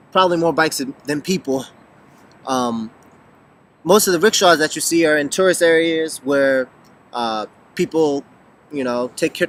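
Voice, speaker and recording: A man with a slightly high voice chats to camera, answering viewers' questions. He talks casually, pausing often and restarting sentences as he thinks. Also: sharp tone. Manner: thoughtful, many ums and restarts. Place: lives in Beijing.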